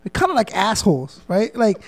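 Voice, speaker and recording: High-voiced, rambling man host. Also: huge pitch swings, brisk. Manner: rambling, playful, acts out quotes. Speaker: podcast host. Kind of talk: casual podcast chat.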